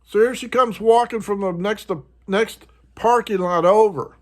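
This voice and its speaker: Male vlog host, high-pitched, frustrated casual rant straight to camera. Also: a little slow. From United States. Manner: frustrated, ranting, mimics others in a higher voice.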